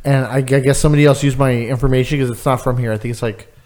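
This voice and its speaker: Man, casual chat, storytelling, swears, mid pitch. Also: fairly even intonation, fast talker, darkish tone. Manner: swearing, storytelling with quoted voices.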